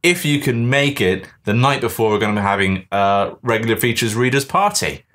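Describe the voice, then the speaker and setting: A man's voice: medium pitch, lively intonation, fairly quick, a bit bright. A man co-hosting a casual comedy podcast, announcing upcoming shows in an upbeat way. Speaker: podcast co-host.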